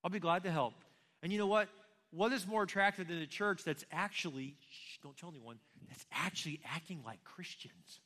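A man's voice: high voice, a little fast, bright, forceful tone. A man preaching a sermon as pastor, conversational and full of rhetorical questions. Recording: long reverb of a large hall.

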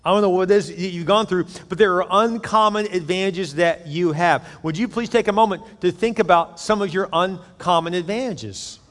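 A man's voice: sits high, moderate pace, hardly any pauses, a bit bright, in a large hall. A male pastor from the United States preaching a sermon in a conversational way, acting out the voices he quotes.

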